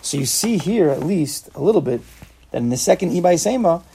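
A man's voice: a little high, animated, a little fast, vocal fry, warm tone, slightly rough. A man teaching an informal Talmud class, explaining step by step and asking and answering his own questions.

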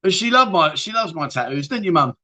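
A man hosts a relaxed livestream, joking and laughing through viewer comments. His voice is bright and forceful and sits slightly high for a man. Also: fairly quick. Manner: jokey, laughing, banter with viewers. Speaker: livestream host. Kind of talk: casual livestream chat reading viewer comments.

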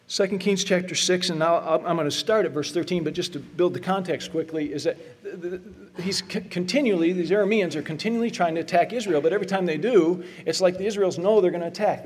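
Husky-voiced man preaching a sermon. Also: high voice. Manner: earnest, builds emphasis with slow repeated phrases. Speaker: pastor.

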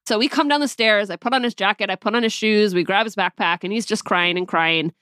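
Candid mom retelling a hard morning. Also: female voice, mid-range voice, brisk, no room sound, clean studio sound. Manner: candid, reflective, with soft laughs. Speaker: mother. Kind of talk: personal storytelling.

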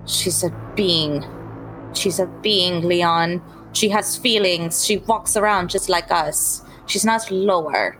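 A woman's voice: on the low side, takes it slowly, fairly bright tone, faint music behind, low-quality recording. A woman voicing a frank, caring female vampire who speaks bluntly and stammers when upset. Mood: confrontational.

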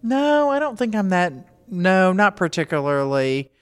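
A woman's voice: lowish voice, big pitch swings, a little slow, smooth. A middle-aged woman, a veterinarian, answering interview questions in a plainspoken, practical, matter-of-fact way. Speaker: veterinarian guest. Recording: long reverb.

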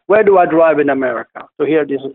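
A man's voice: a little high, quick pace. A male musician in a casual interview, talking earnestly and often repeating words as he starts his sentences. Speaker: musician guest. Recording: tinny phone-like line.

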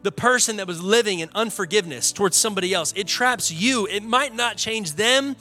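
A man's voice: high voice, brisk, pushed and bright, soft background music. A young adult man, a pastor preaching an earnest, conversational sermon in a church, building to emphatic peaks. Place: church sanctuary.

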